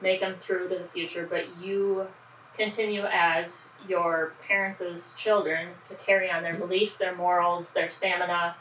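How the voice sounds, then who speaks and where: Lower-voiced woman host in an echoey room. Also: little pitch movement, unhurried, fairly bright tone. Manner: supportive, affirming interjections. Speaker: podcast host. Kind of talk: casual interview conversation. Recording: roomy, distant mic, faint background noise.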